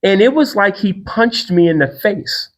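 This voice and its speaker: A middle-aged man hosting a podcast, telling a personal faith story in a casual, animated way and acting out the people he quotes. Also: a little slow. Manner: animated storyteller, acts out quotes with big pitch jumps. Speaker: podcast host.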